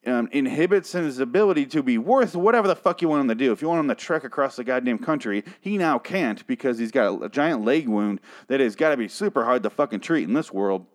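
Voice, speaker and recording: A man's voice: medium pitch, animated, fast, hardly any pauses. A man recapping a TV episode in a casual rant, irritated, swearing often and restarting his sentences.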